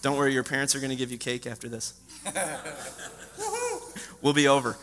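A man preaching a sermon in a church, telling a lively story and quizzing the children in the pews. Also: mid-range voice, a little fast. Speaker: pastor. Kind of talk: sermon to a congregation. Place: church sanctuary. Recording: long hall reverb.

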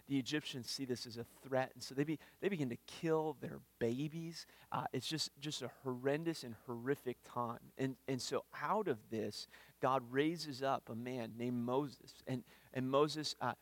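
A man's voice: mid-range voice, normal speed, no echo. Guy preaching, earnest, kinda stumbly on words, dry close sound. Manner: earnest, repeats words when starting phrases. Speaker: pastor. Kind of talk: sermon. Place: church.

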